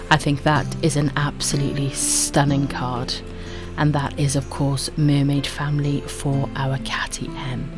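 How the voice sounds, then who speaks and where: A woman from Wales with a husky voice and a dry throat, chatting casually to viewers while streaming a game and calling them her darlings. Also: extremely low pitch, little pitch movement, a little slow, over music. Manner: affectionate, calls viewers my darlings.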